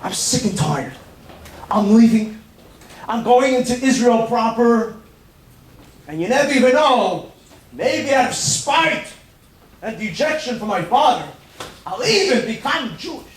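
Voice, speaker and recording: A man's voice: very high voice, expressive, a little slow, pauses often. Man doing an earnest, indignant young guest. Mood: defiant. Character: young man, an earnest guest telling his life story. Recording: echoey room with faint background noise.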